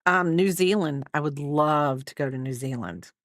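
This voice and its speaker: Recorded in clean studio sound with no room sound, a middle-aged American woman from the United States talks in a low voice at a moderate pace. She crochets on a livestream, casually rambling and chatting as she answers her chat between stitches.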